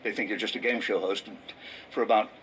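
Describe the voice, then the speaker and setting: An older English comedian and game show host, telling wry anecdotes and dropping into low mock voices for punchlines. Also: male voice, steady tone, fast, a bit bright, slight background noise, poor audio. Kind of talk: anecdotal stand-up and reminiscence.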